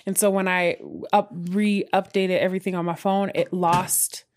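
A woman in casual, animated chat who swears a lot and jumps into quick asides. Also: on the low side.

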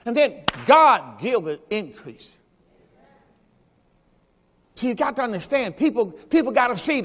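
A man's voice: very high-pitched, a bit bright, big-room sound. A man preaching a Sunday sermon as pastor, in a folksy style that mixes scripture quotes with rhetorical questions. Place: church during Sunday service.

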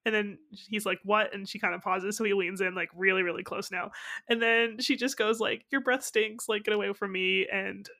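A woman's voice: mid-range voice, fairly even intonation, vocal fry, bright, forceful tone. Young woman, podcast co-host, casual recap, laughs often. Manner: giggly, recaps scenes with quick quoted asides. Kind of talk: casual chat recapping a TV episode.

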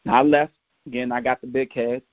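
A man tells stories from his football years as a motivational talk and acts out the people he quotes. His voice sits at a middling pitch. The recording is dry and dull, with a lo-fi edge. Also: level tone, fairly quick, dry recording. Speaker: motivational speaker, former college football player. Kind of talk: storytelling talk.

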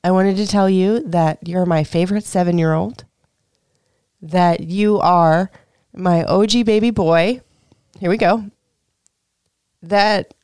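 A woman's voice: on the high side, creaky, a little mellow, clean tone, no echo, studio quality. A woman in her thirties from Florida hosting a podcast, talking in a candid, rambling, emotional way. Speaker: podcast host and mother. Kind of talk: casual podcast chat.

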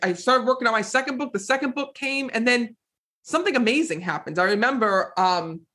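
A man being interviewed as a psychic medium, telling stories in a casual, animated way and often repeating "next thing you know.". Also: extremely high pitch, brisk.

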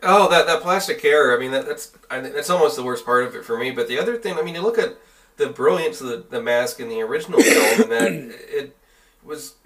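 A man's voice: fairly high pitch, expressive, fairly quick, a bit bright, recorded from a distance. A man in a casual podcast conversation, analytically comparing films and making references. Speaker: podcast co-host. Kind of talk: casual film review chat.

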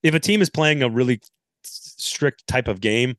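A man's voice: medium pitch, expressive, normal speed, fairly bright tone, no room sound. Dry, laid-back man hosting a podcast. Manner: laid-back, wry, many ums and uhs. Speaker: podcast host. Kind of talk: casual sports podcast chat.

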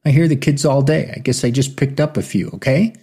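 A man's voice: mid-range voice, animated, brisk, mellow, husky, pitched above the performer's own voice. A man doing a smug, needling schoolteacher. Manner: mocking, smirking delivery. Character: smug, needling male history teacher.

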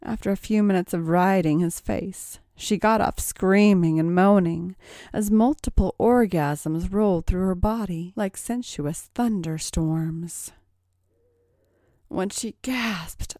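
A woman narrating an erotic story at a slow, lingering pace. Her voice is dark and mellow, recorded dry and close with no room echo around it. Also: on the low side.

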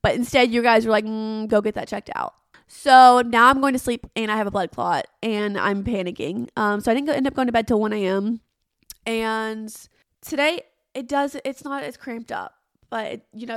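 A woman's voice: fairly high pitch, normal speed, no room sound, clean studio sound. A woman, hosting her podcast in a rambling, self-mocking, dramatic chat. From Arkansas. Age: 20s. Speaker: podcast host. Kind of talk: casual solo podcast chat.

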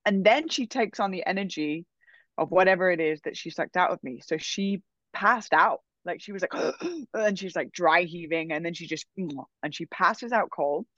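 A woman casually telling a long personal story, full of fillers like "like" and "um", animated in her delivery. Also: fairly low pitch, moderate pace, no room sound, lo-fi sound.

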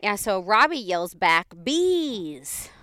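A young woman, telling a story in a casual, animated way and laughing often. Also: medium pitch, measured pace, smooth, dry recording.

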